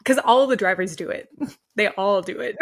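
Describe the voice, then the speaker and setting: A woman's voice: mid-range voice, measured pace, a bit bright. A young woman co-hosting a casual racing recap, laughing often and joking as she talks. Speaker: podcast co-host. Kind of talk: casual sports recap chat.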